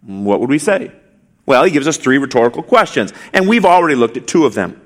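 A man's voice: medium pitch, big pitch swings, fairly quick. A male pastor preaching an expository sermon, emphatic, asking rhetorical questions and repeating key phrases.

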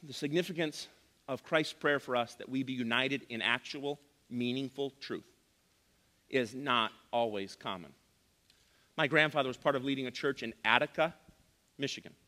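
A man's voice: medium pitch, sharp tone, long reverb tail. A man preaching a sermon as pastor, emphatic, repeating key phrases, with touches of dry sarcasm. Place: church sanctuary.

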